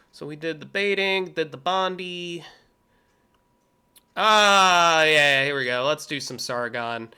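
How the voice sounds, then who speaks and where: An American man rambles through a livestream with sarcasm and casual swearing. His voice sits a little high and rings bright and forward. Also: clean tone. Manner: rambling, sarcastic, profane asides. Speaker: livestream host reacting to videos. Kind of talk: casual commentary.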